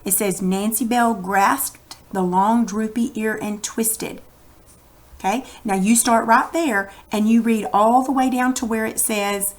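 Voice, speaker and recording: A woman teacher reads a storybook passage aloud with lively expression, then patiently walks young readers through questions about it. Her voice sits at an ordinary middle pitch. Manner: expressive read-aloud, patient explaining to children. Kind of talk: reading a story aloud and asking comprehension questions.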